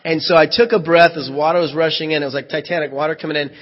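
A man's voice: fairly high pitch, fairly even intonation, fast talker. Man preaching in an echoey church hall. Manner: vivid first-person storytelling with reenacted dialogue. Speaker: pastor. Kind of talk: sermon storytelling. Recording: echoey hall, dull lo-fi sound.

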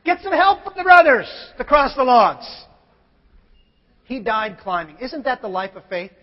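A male pastor with a very high voice preaches at normal speed, animatedly telling a story, voicing other people's lines and sometimes building to shouts. The recording has a long hall reverb and a dull, lo-fi sound.

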